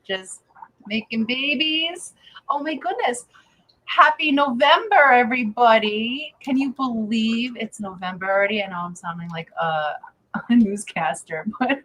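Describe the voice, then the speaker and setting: A woman from Wisconsin co-hosting a casual fish-keeping livestream, chatty and quick to laugh, reading out viewer names. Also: on the high side, fairly bright tone, low-quality recording. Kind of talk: casual chat.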